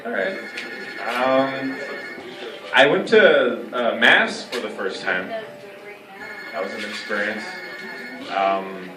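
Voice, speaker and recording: A young man doing a stand-up comedy set, rambling and halting, full of "like" and "you know". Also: mid-range voice, sing-song, music in the background. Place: comedy club stage. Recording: echoey room, heard from a distance. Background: audience laughter.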